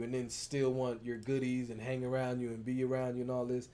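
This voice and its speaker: Playful casual man, mid-pitched. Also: steady tone, a little fast, a little mellow. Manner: casual, playful storytelling with acted-out quotes. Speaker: co-host, partner of the coach. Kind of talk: casual chat.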